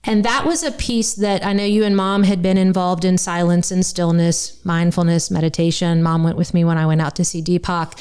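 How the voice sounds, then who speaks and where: A woman from the United States with a slight North Carolina twang, hosting a podcast in earnest, animated conversation. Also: on the low side, moderate pace, few pauses, clear, resonant tone. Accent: North Carolina Southern. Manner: earnest, animated, many restarts. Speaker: podcast host.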